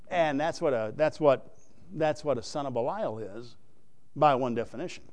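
A man's voice: medium pitch, animated, moderate pace, mellow. A man preaching a sermon, explaining scripture in a conversational way and asking the audience questions.

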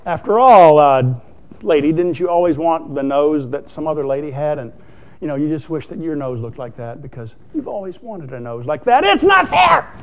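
A man's voice: a little high, expressive, normal speed, a little mellow. A male preacher giving a folksy, conversational sermon, full of rhetorical questions and asides to the congregation.

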